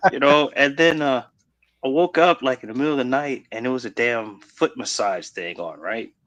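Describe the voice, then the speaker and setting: A man co-hosting a casual podcast chat, an animated storyteller who laughs often. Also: medium pitch, moderate pace, dry recording. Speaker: podcast co-host.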